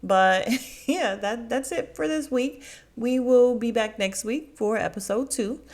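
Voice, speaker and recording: Chatty woman recapping with animated pitch jumps. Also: measured pace. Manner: animated storytelling, acting out quotes with sudden high pitch jumps. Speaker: podcast host recapping a reality show.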